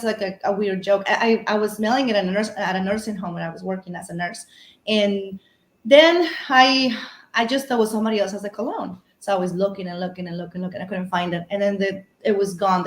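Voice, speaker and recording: A woman recounts her experiences in loose, rambling podcast chat, stopping and restarting her sentences as she goes. Her voice sits at an ordinary pitch. The sound carries a noticeable room echo. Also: fast talker. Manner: rambling, storytelling with many fillers and restarts. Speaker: guest paranormal investigator.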